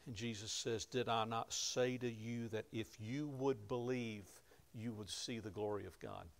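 Gravelly preaching man. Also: mid-range voice, fairly even intonation, unhurried. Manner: retells scripture in plain conversational terms, rising to loud emphasis. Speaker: pastor. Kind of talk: sermon.

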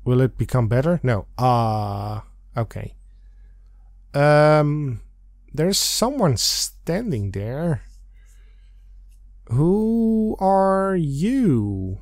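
Playful, lively man playing a game. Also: medium pitch, very slow, dry recording, studio quality. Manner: playful, giggly, sings and reads lines with silly emphasis. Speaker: let's play host. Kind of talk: let's play commentary, reading game text aloud.

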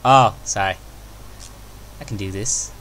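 This let's play comes from a young gaming-channel host who talks to himself while playing, breaking into sudden yelps and excited exclamations. His lowish voice is unhurried, with a little hiss or hum in the audio.

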